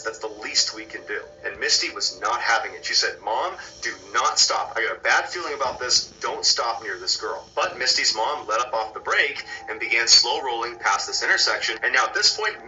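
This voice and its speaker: A man telling a scary true story in a scripted, hushed and dramatic narration. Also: mid-range voice, recorded from a distance, muffled recording.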